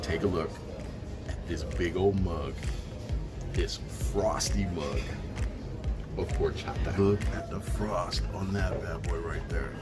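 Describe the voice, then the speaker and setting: A man in his forties, a toy store owner, talking eagerly in a casual vlog and describing things in loving detail. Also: deep voice. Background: loud background music.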